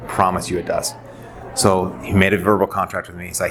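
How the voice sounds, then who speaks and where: Man, forties, nurse speaking to a crowd; deep low voice, earnest storyteller who acts out dialogue, audible room noise. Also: monotone, brisk, long pauses. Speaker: nurse and suicide prevention speaker. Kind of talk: personal story in a presentation. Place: presentation venue. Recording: noisy live presentation audio.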